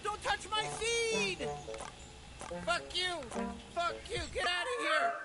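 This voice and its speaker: A squealing, unhinged tree dweller shrieks at intruders in an extremely high, strained voice and swears at every turn. It comes through as game audio with a loud soundtrack playing behind. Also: male voice, unhurried, over music. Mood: furious. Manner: screams possessively, swearing constantly. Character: shrieking territorial tree-dwelling man, furious. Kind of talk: comedy video game voice acting.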